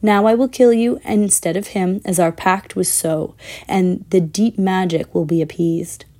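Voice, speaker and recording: A woman voicing a cruel, fierce witch who barks sharp commands and quivers when she gloats. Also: on the low side, steady tone, measured pace. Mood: gloating.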